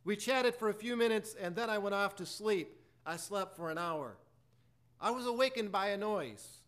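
A preacher telling a personal story in a sermon, acting out both sides of a conversation and reciting hymn lyrics. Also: male voice, high-pitched, normal speed. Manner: animated storyteller acting out dialogue.

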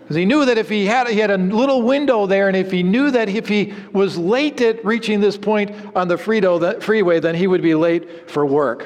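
Man, preacher, high voice, sermon storytelling, sudden low quiet emphasis, long hall reverb. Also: moderate pace, few pauses.

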